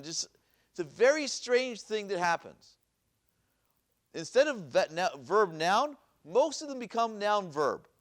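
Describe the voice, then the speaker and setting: Man, rabbi, classroom lecture, higher-pitched, asks and repeats questions. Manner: asks questions and repeats them, reads Hebrew verses aloud. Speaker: rabbi teaching a Bible class. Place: synagogue classroom.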